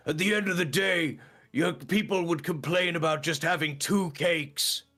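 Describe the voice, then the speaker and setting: A man's voice: a little high, normal speed, sharp tone, soft background music, voice pushed up. A man putting on a proud alien prince, raised voice, earnest speechifying, solemn and grand, strained upper register.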